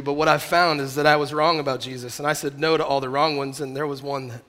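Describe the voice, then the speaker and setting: Passionate, bright-voiced preaching man. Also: a little high, steady tone, fast talker, few pauses, big-room sound. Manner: passionate, swings from loud and emphatic to quiet and conversational, jokey asides. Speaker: pastor. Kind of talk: sermon. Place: church auditorium.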